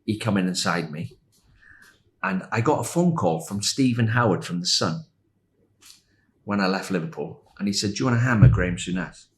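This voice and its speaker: A man in his sixties, a former footballer, telling animated anecdotes as a podcast guest and laughing as he goes. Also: low-pitched, moderate pace. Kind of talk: anecdotal storytelling.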